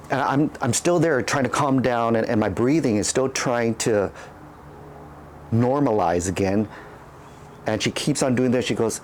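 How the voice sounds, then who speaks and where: A man's voice: medium pitch, a little slow, a little hiss or hum. A man casually telling a candid personal story, rambling and restarting his sentences. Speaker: channel host.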